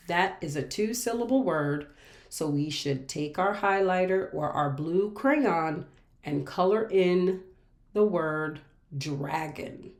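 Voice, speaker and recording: Patient teacher lady, slow and careful, lowish voice, echoey room. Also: darkish tone. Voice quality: patient, repeats words carefully. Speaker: special education teacher. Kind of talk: slow, clear classroom instruction for children.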